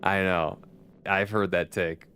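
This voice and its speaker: A low-pitched man with a bright, forceful tone speaks slowly and with little pitch movement, and there's slight background noise. He's streaming a game and chatting casually with viewers, laughing often and cursing occasionally. Faint background music plays too.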